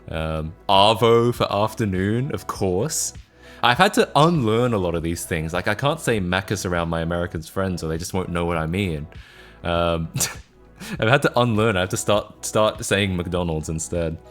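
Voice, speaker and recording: Laid-back Australian man, low voice. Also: a bit bright. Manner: chatty and self-mocking, laughing often, answering chat. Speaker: streamer. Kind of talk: casual live-stream chat.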